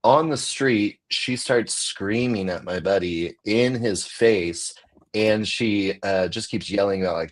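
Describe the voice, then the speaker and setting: An American man telling a story in casual chat, animated, acting out the voices he quotes and laughing often. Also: on the low side, takes it slowly. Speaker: comedian guest.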